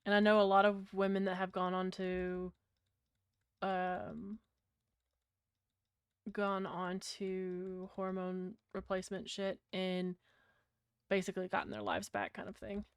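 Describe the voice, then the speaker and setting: Sweary British woman streamer, smooth and dry. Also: medium pitch, completely flat delivery, slow pace, long pauses, no echo. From Britain. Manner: blunt, sweary, rambling, chatting to her viewers. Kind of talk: casual livestream chat.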